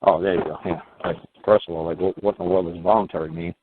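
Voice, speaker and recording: A man's voice: deep voice, level tone, fast, crowd noise. A man hosting a talk show, explaining his views to a caller in a rambling, emphatic way, with many fillers and restarts. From United States. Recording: phone-like line with faint hiss.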